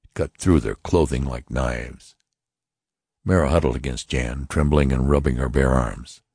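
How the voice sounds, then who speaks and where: A man narrating a science fiction audiobook in a steady, measured reading. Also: very deep voice, vocal fry, slightly rough, dry recording, studio quality.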